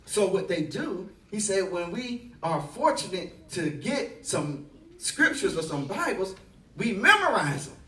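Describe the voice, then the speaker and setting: A man preaching a sermon as pastor, telling a story and building to loud, emphatic delivery. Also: high-pitched, sing-song, a little slow, reverberant, recorded from a distance.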